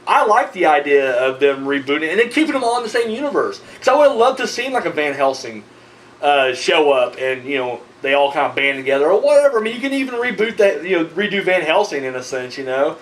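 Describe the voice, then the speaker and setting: A man talks in a casual video rant, swearing freely and rambling from point to point. His voice sits high and swings widely in pitch. He sounds tired and worked up. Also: fast talker, a little hiss or hum, poor audio. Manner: profane, rambling, animated ranting. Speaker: horror movie vlogger.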